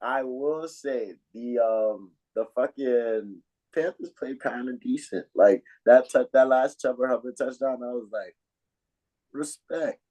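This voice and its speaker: A man's voice: mid-range voice, measured pace, warm tone, low-quality recording. A man co-hosting a podcast, chatting casually about football in blunt, slangy talk full of swearing. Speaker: podcast co-host. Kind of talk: casual sports chat.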